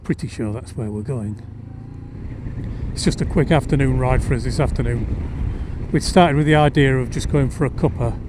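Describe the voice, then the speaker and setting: A man talks in a wry, rambling way through a helmet mic as he rides. His voice sits at a middle pitch. Road and engine noise come through clearly behind him. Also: normal speed. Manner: chatty, wry, rambling asides. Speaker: motorcycle vlogger. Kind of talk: casual ride commentary. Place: riding a motorcycle outdoors on roads.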